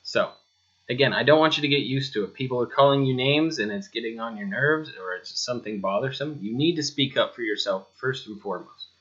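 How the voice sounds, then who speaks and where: Brisk and husky, a mid-range, slightly bright male voice delivers a slide-based lesson aimed directly at the listener. He leans on rhetorical questions with mild sarcastic asides, and the audio is dull.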